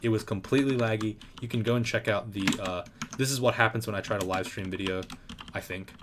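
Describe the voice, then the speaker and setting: A man's voice: fairly low pitch, fairly even intonation, quick pace, noisy background. A young man casually commenting on a live game stream, swearing and joking in mock trash talk at the game. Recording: loud keyboard clicks and typing.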